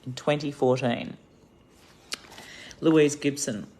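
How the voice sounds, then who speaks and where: A woman's voice: extremely low pitch, fairly even intonation, takes it slowly, dark tone, slight background noise. An Australian woman giving an indignant, rambling monologue to camera, telling her story with heavy emphasis. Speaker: activist vlogger.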